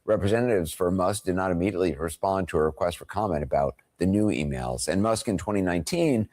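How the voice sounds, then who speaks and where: Deep-voiced male news anchor. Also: a little mellow. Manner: measured, formal newsreader delivery. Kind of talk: scripted broadcast news report.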